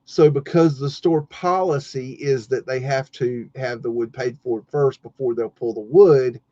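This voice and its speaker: A middle-aged man telling a story on a live-stream podcast in a casual, profane, animated way, acting out the other people in it. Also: medium pitch, a little slow, no room sound. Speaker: podcast co-host. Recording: dull lo-fi stream audio.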